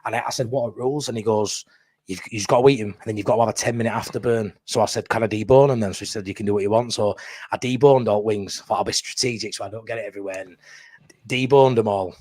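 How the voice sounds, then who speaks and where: A man's voice: on the low side, steady tone, fast, a little mellow, no room sound. A man with a Yorkshire accent telling a long story in casual chat, blunt and swearing freely. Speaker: podcast co-host.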